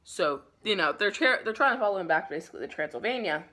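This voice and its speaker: Bright-voiced young woman ranting about books. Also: mid-range voice, lively intonation, fast. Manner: chatty, profane, filler-heavy storytelling. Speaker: book vlogger. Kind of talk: casual book summary vlog.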